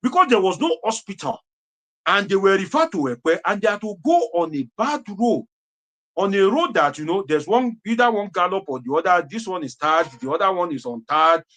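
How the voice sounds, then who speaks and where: A man's voice: high-pitched, expressive, fairly quick, a bit bright. A Nigerian man giving impassioned political commentary, preachy and repetitive, slipping into Pidgin phrases. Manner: preachy, repeats phrases for emphasis, mixes in Pidgin.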